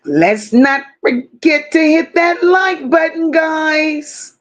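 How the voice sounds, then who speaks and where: High-pitched woman greeting her livestream chat. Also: animated. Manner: warm drawn-out greetings, reads chat aloud. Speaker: livestream host.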